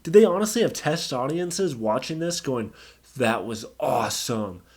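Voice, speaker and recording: Man, movie reviewer, angry rant, profane, exasperated, mid pitch. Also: lively intonation, moderate pace, darkish tone, slightly rough. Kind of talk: ranting film review.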